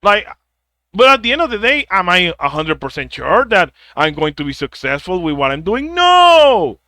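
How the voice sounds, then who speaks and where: With big pitch swings in a high, pushed and bright voice, a vlogger rants at normal speed, handing out harsh life advice thick with profanity. He stumbles over repeated words and mocks others in whiny put-on quotes, with no room sound in the recording.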